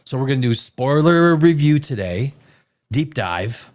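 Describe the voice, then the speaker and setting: A man's voice: medium pitch, expressive, a little slow. A man hosting a casual live stream, rambling and joking with many fillers and restarts. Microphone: desk microphone.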